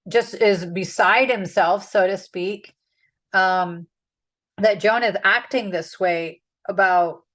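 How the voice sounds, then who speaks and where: A woman's voice: mid-range voice, poor audio. Woman Bible study leader, casual and chatty, mid-range voice. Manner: chatty, with many "like"s and "um"s.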